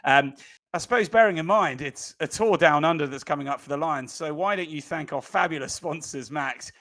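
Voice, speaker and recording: A man's voice: a little high, a little fast, a bit bright. A man hosting a casual rugby podcast, chatty and prompting his guests with questions, often restarting his sentences. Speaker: podcast host.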